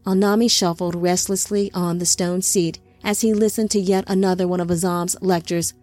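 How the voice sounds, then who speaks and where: A woman narrating an audiobook in an even, clear reading. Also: on the low side, normal speed, dry recording, faint music behind.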